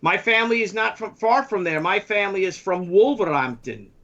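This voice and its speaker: A man's voice: expressive, fairly quick, bright, forceful tone. A man co-hosting a comics podcast over a video call, with theatrical, grandiose introductions. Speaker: co-host. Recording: muffled low-fidelity audio.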